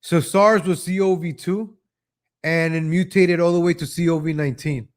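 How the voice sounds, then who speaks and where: A man's voice: a little high, fairly even intonation, moderate pace. Ranting sarcastic male show host. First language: Spanish. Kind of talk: opinion commentary show.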